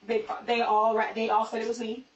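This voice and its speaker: A woman's voice: on the high side, completely flat delivery, echoey room, recorded from a distance. Profane woman on muffled hidden-camera audio. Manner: rapid, profane, repetitive venting. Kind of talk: casual storytelling. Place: police interview room. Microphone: hidden room camera.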